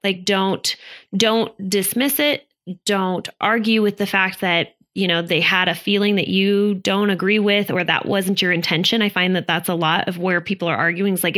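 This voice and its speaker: A woman's voice: fairly low pitch, fairly even intonation, normal speed, fairly bright tone. A woman in her thirties co-hosting a marriage podcast, talking in an earnest, casual advice-giving way with many fillers. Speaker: podcast co-host. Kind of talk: casual chat about relationships.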